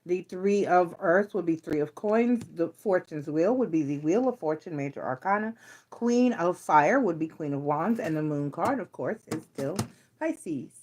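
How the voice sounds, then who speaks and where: A woman's voice: fairly low pitch, animated, normal speed, darkish tone, poor audio. A woman giving a casual tarot reading in a chatty, playful, teasing way. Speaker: tarot reader.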